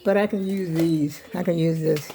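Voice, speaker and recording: A woman's voice: low voice, steady tone, moderate pace, mellow, a little hiss or hum. Older woman, rambling vlog chat, talks to viewers as y'all, trails off, phone camera at home. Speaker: vlogger. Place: at home, indoors. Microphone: handheld phone camera.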